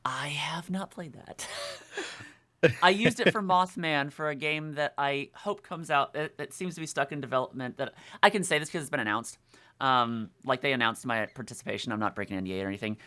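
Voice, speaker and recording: A voice actor as a podcast guest in casual chat, animated and quick to laugh, with many fillers. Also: mid-range voice, clear, resonant tone.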